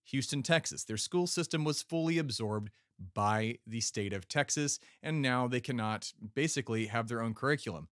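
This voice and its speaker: A man's voice: mid-range voice, a bit bright, no room sound, clean studio sound. A man sending in an angry, profane rant, stumbling over his words as he vents.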